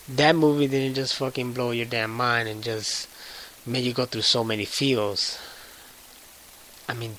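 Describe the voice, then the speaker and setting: A man with a gravelly, creaky edge to his mid-pitched voice, telling a movie's story in a loose, profane, excitable way. Faint hiss sits under the recording. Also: poor audio. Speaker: movie reviewer. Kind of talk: casual spoiler recap.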